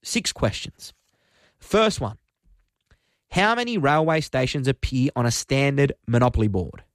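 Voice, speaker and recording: A man hosting a live radio quiz, upbeat, friendly and brisk. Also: medium pitch, big pitch swings, no room sound, studio quality. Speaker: radio host. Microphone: studio microphone.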